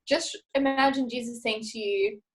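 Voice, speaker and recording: A woman guest in a casual faith chat, telling a story in an animated way and acting out the voices in it. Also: a little high, normal speed, poor audio. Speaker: podcast guest.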